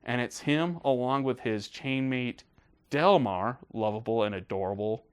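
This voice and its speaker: Guy reviewing a movie on his channel, super excited and gushing, medium pitch. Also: unhurried, clean tone. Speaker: film reviewer. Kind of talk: casual video review.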